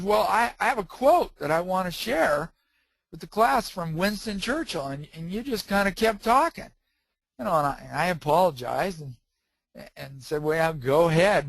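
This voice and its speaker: Male trainer voice, fairly high-pitched, animated storytelling, dry close mic. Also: no echo, low-quality recording. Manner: animated storyteller, acts out quoted dialogue. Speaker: author and trainer. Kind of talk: storytelling talk.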